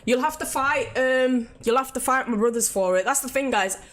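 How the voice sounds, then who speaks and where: A woman's voice: high voice, moderate pace, fairly bright tone. A young woman chatting casually to her live-stream viewers, swearing freely and laughing easily. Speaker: game streamer.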